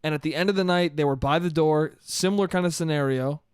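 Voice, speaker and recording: A man around thirty rambles through a solo podcast, swearing freely and poking fun at himself. His voice sits a little high and sounds smooth. The recording is close and dry. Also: fast, dry recording. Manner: rambling, swearing, self-deprecating, laughs a lot. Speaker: podcast host. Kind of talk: casual solo podcast monologue.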